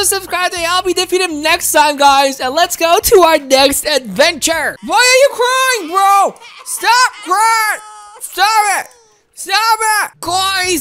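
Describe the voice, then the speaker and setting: A woman giving excited, exclaiming commentary while playing a video game and talking to her viewers. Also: extremely high pitch. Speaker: gaming video host.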